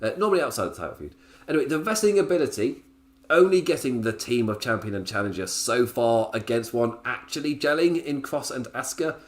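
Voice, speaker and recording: Male podcast host, casual and rambling, laughs often, very animated delivery. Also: mid-range voice, a little fast. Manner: rambling, laughs often between points, goes off on tangents. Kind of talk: casual solo review podcast.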